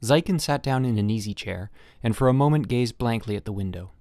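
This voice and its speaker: A man narrating a classic short story as an audiobook narrator, measured and even. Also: fairly low pitch, no echo, studio quality. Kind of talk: scripted narration.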